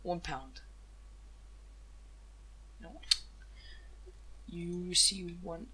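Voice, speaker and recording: A woman hosting a gaming channel, giving excited case-opening commentary, gasping, exclaiming and swearing freely. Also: lowish voice, drawn-out words, slightly rough.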